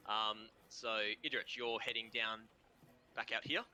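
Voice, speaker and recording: Bright-voiced Australian game master. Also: male voice, fairly low pitch, fairly even intonation, low-quality recording. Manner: halting, full of ums and kind-ofs. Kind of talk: narrating a tabletop game. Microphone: online voice call.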